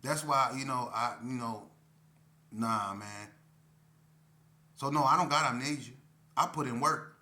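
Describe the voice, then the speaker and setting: A man's voice: mid-range voice, unhurried, long pauses, pushed and bright. A middle-aged man telling a story from his past in a laid-back, slangy way, with lots of "you know" fillers. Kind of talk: casual street storytelling.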